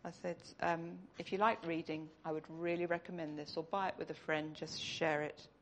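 A woman's voice: low-pitched, fairly even intonation, moderate pace, a little hiss or hum. Earnest woman giving a sermon. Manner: earnest, conversational, tearful at the close. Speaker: church speaker.

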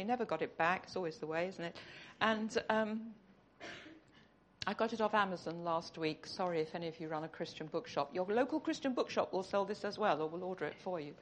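Her voice is lowish, with a little background noise behind it. Speaking in church, this woman delivers a sincere, conversational sermon and becomes tearful by the end.

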